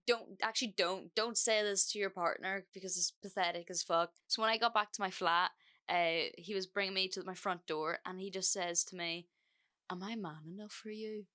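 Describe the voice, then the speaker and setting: A woman's voice: lowish voice, fairly even intonation, moderate pace, bright, forceful tone. A young woman hosting a podcast, telling a story in a chatty, sweary way with lots of filler words. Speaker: podcast host. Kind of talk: casual storytelling monologue.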